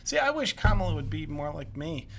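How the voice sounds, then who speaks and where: A man's voice: on the high side, sing-song, brisk, slight background noise. A male podcast host giving sarcastic political commentary in a mocking, wry manner. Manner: mocking, wry, breaks into laughter.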